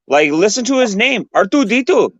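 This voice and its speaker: A man imitating a loud, excited male stand-up comedian, quick and profane. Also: sits high, no echo, lo-fi sound, voice pushed up, heavily acted. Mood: mocking.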